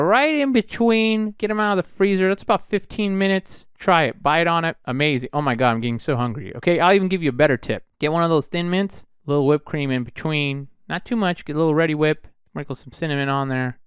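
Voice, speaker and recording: A man's voice: clean tone, dry recording, clean studio sound. Chatty man hosting a solo podcast. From United States. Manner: animated, chatty, swings pitch for emphasis. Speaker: podcast host.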